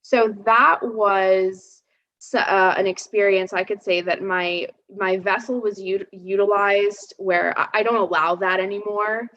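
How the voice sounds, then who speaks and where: Casting: woman in her thirties, animated storyteller full of restarts and fillers, mid-pitched, slightly muffled lo-fi audio. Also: unhurried. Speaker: psychic guest. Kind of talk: casual live chat. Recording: slightly dull lo-fi sound.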